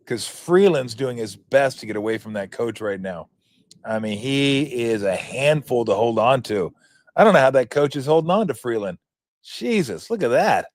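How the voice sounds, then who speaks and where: A man's voice: medium pitch, animated, moderate pace, no room sound. A man in his fifties hosting a sports talk show, commenting in a rambling, joking, profane way. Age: 50s.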